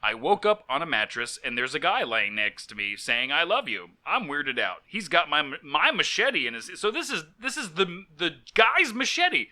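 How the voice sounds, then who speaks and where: A man's voice: on the high side, sing-song, normal speed, few pauses, pushed and bright. A man co-hosting a comedy podcast, reading out strange news stories and joking about them. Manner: reads news stories aloud, breaks into jokey voices and laughter. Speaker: podcast co-host. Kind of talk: casual comedic chat.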